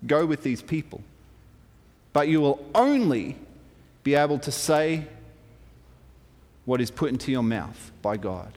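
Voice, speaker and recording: A man voicing a stern angel with a drawn sword, speaking gravely in a low, hushed tone. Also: sing-song, measured pace, long pauses. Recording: long hall reverb.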